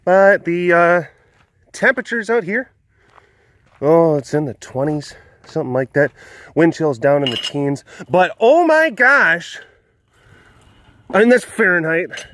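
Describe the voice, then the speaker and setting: A man's voice: fairly high pitch, lively intonation, normal speed, a bit bright. A man who keeps big cats, chatting casually in a vlog outdoors in cold wind. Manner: chatty, rambling, laughing. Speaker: big cat sanctuary keeper.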